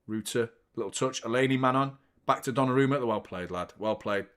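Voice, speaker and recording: A young man talks loosely and casually, dropping the odd swear word as he banters with his viewers. His voice sits at an ordinary, middle pitch, and he breaks into quick commentary on the match. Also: a bit bright. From United Kingdom. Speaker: football fan channel host. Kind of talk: live watchalong commentary and chat.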